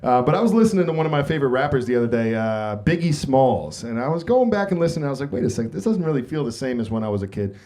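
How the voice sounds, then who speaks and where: A man's voice: medium pitch, lively intonation, racing, few pauses, darkish tone. A man doing a blunt, confessional stand-up comedy set on a club stage. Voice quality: blunt, confessional, jokey delivery.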